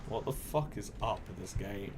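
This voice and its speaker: A man's voice: fairly low pitch, animated, normal speed, noisy background. A young man giving casual, joking commentary while playing a game and talking to viewers. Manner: joking, swears freely, talks to viewers. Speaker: gameplay streamer.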